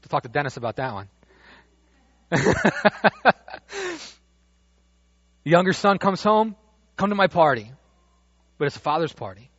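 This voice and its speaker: A man preaching a sermon as pastor, animated, dropping to a hush and rising loud as he acts out the father's words. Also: mid-range voice, slightly rough, no echo. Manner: animated, swings from hushed to loud when quoting the father. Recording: dull dry lo-fi sound.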